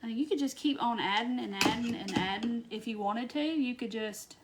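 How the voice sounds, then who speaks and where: A woman from Wisconsin hosting a casual live-stream craft tutorial, chatting to viewers, answering their comments and muttering soft asides to herself as she works. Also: fairly high pitch, normal speed, heavy background noise.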